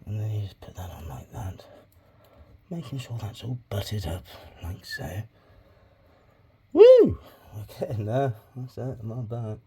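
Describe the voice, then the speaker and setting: A man's voice: on the low side, normal speed, mellow, breathy edge. Swearing, rambling man at his crafts. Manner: rambling, swears freely, mutters asides under his breath. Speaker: crafting hobby vlogger. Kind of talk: casual crafting tutorial.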